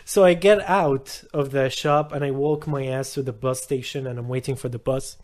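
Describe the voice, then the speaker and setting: A young man on a comedy podcast, telling a story in an animated way, laughing often and acting out the people in it. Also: medium pitch, normal speed. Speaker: podcast co-host.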